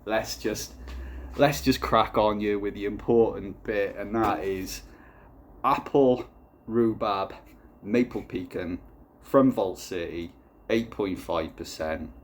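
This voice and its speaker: A man doing a casual comic vlog, rambling and swearing through a deadpan story while reviewing a beer. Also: lowish voice, takes it slowly, a little hiss or hum.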